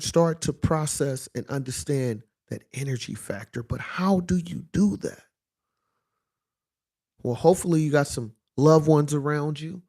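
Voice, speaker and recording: A young man speaks in a relaxed, conversational monologue, his voice gravelly with fry and set a little high for a man. He talks, and he keeps checking in with his listener. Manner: conversational, repeats "you know what I'm saying" and "you feel me". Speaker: motivational speaker. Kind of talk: casual monologue.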